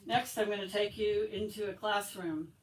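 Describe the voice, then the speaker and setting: Author reading aloud in an echoey bookstore. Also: female voice, medium pitch, moderate pace, slight background noise. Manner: expressive reading, light laughs. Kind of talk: reading her novel aloud at a bookstore event. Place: bookstore, indoors. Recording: echoey room from far off, faint ambience.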